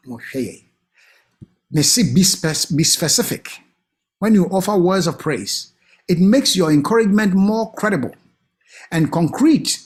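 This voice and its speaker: A man's voice: high-pitched, a little mellow. A man with a Ghanaian accent, giving an earnest and emphatic family life talk at church.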